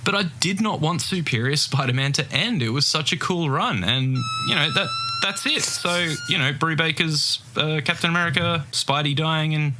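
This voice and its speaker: A man's voice: a little high, animated, normal speed, few pauses, pushed and bright, a little hiss or hum. An Australian man sending in a chatty, jokey recorded message about comics. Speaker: listener contributor.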